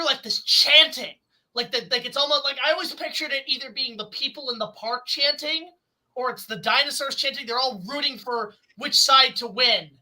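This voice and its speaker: Excited woman doing a movie review, high pitched, super bright, swears a bit. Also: rough recording. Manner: excitable, enthusiastic, swears casually. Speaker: film reviewer. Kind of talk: casual film review chat.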